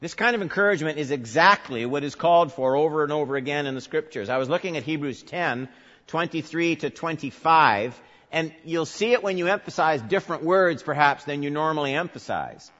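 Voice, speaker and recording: A man's voice: a little high, brisk. Preaching man in a reverberant hall. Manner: preaching with big swings from soft murmurs to loud emphatic peaks. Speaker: pastor. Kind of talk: sermon. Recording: dull sound with long hall reverb.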